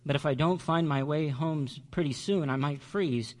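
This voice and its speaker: A man's voice: fairly high pitch, moderate pace, a little mellow, close to an everyday voice. A man voicing a lonely young male bunny in a storybook, plaintive and sniffling. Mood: wondering.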